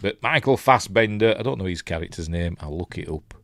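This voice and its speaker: Rambling Yorkshire man, low voice. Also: animated, fairly quick, vocal fry, fairly bright tone, dry recording. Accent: Yorkshire English. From Yorkshire, England. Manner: rambling, self-interrupting, quotes lines in put-on voices. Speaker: movie reviewer. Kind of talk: casual film breakdown.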